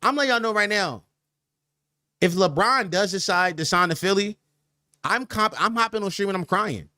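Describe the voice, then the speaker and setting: A man's voice: high voice, moderate pace, pushed and bright, no echo, studio quality. A young man hosting a livestream podcast, talking loosely in slang and reacting to chat with laughs.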